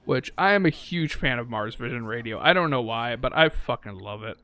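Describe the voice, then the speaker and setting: A man's voice: medium pitch, lively intonation, a little fast, sharp tone. A man giving casual gameplay commentary, thinking aloud and correcting himself, with frequent swearing. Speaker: let's-play gamer.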